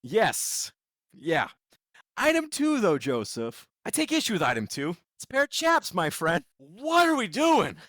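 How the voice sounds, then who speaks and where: A man's voice: fairly high pitch, a little slow, dry recording, clean studio sound. A man co-hosting a podcast, recapping wrestling in casual chat with sarcastic jokes. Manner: sarcastic, animated joking. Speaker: podcast co-host.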